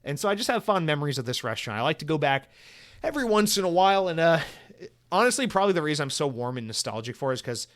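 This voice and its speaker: A man's voice: on the high side, sing-song, rapid-fire, a bit bright. A young man from the United States hosting a solo podcast, rambling in casual chat and swearing often. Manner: rambling, swears a lot, many restarts. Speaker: podcast host.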